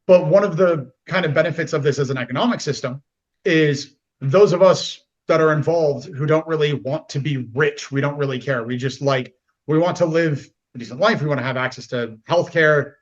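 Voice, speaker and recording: A man in casual podcast talk, animated and fond of acting out quoted voices. His voice sits fairly high, and the recording sounds dull and lo-fi. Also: normal speed. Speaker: podcast guest. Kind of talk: casual conversation.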